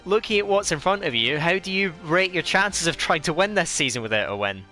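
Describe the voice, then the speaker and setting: A man's voice: on the high side, expressive, brisk, bright, forceful tone, soft background music. A man hosting a league's post-race broadcast, asking questions with many hesitant fillers.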